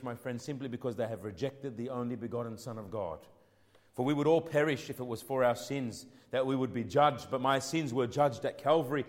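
A man delivers a passionate sermon in a mid-range voice at a fairly quick pace, swelling into loud declamation and then sinking to hushed pleading. He reads scripture in old-fashioned wording, and a long hall reverb trails his words.

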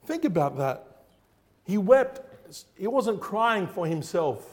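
A man's voice: sits high, very animated, takes it slowly. A man preaching a fervent sermon, repeating words for emphasis and quizzing his listeners on scripture. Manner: fervent, repetitive, quizzes the congregation.

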